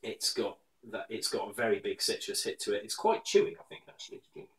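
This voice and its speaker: A man's voice: on the low side, animated, fast, a bit bright, echoey room, poor audio. A man co-hosting a casual beer review. He makes dry, wry jokes and uses plenty of fillers. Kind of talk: casual chat.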